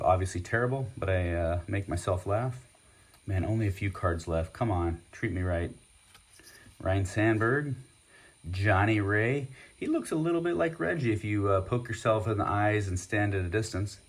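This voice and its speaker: A man hosting a casual vlog, chatting and rambling with many fillers as he opens packs of cards. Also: lowish voice. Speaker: host. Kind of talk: casual card-opening vlog.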